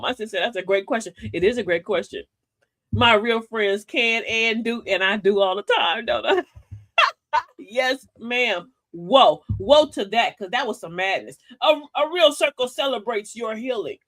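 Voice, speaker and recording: An older woman hosting a live-stream talk, giving life advice emphatically, telling stories and calling listeners baby and y'all. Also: a little high. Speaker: host of a live advice show.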